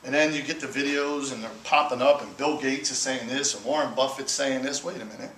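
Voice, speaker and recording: A man's voice: mid-range voice, a little fast, reverberant, slight background noise, poor audio. A man telling his business story to an audience, acting out conversations and asking "right?" often. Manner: animated storyteller acting out dialogue, frequent "right?". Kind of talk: motivational talk to an audience.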